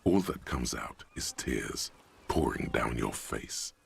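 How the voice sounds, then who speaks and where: Super deep gravelly game narrator, slow and dry, bossy. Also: male voice, lively intonation, heavily acted. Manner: slow, dry, commanding delivery. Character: deep gravelly male inner-voice narrator, wry and stern.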